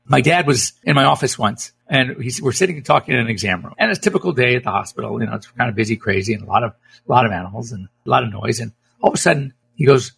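Gravelly middle-aged vet hosting radio. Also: male voice, mid-range voice, expressive, very fast, fairly bright tone. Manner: rambling, chatty, self-correcting. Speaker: veterinarian radio host. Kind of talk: casual radio talk with phone-in.

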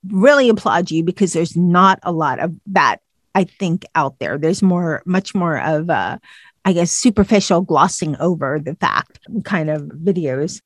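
A woman's voice: on the low side, lively intonation, a little slow, dry recording, studio quality. A woman interviewing a guest, rambling through loose sentences full of "you know" and restarts. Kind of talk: casual interview chat.

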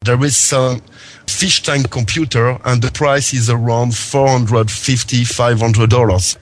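A middle-aged man speaking English with a French accent, a guest on a podcast interview, halting and repeating words as he searches for phrasing. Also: mid-range voice, a little hiss or hum. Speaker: guest, company representative.

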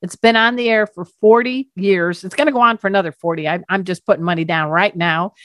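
A woman's voice: medium pitch, fairly quick. A woman hosting an interview who laughs easily and encourages her guest. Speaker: interview host. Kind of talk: interview chat.

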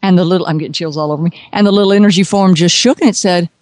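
A woman's voice: fairly low pitch, rapid-fire, darkish tone, no room sound. A woman working as an intuitive consultant, telling a story with animation and acting out the voices in it. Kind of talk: storytelling on a radio podcast.

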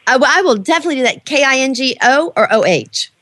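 A woman's voice: sits high, animated, fast, a bit bright. A woman hosting a pet podcast interview, bubbly and gushing, with plenty of exclamations. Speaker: podcast host. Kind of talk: casual interview.

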